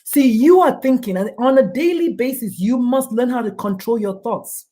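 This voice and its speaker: Here the talk show guest, a middle-aged female doctor who speaks on suicide prevention, has a fairly high pitch and a dark tone, at a moderate pace. She comes across as emphatic and preachy, often performing the voices of the people she quotes.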